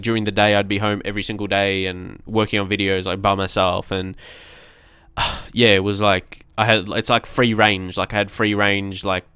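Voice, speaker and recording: A man's voice: fairly low pitch, fairly bright tone, clean tone, no room sound, studio quality. A young man chatting casually through his gameplay, rambling and reacting aloud to the match. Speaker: let's play commentator.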